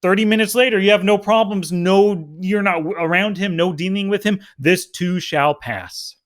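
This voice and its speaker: A middle-aged man in casual podcast talk, with a voice a little higher than most men's. He speaks earnestly, working through practical life lessons. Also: normal speed. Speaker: podcast co-host.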